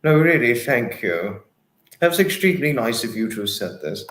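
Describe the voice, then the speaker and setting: A man's voice: medium pitch, very animated, moderate pace, a bit bright, reverberant. A man hosting a casual livestream, reading chat comments and thanking viewers in an apologetic, effusive, giggly manner. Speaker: livestream host.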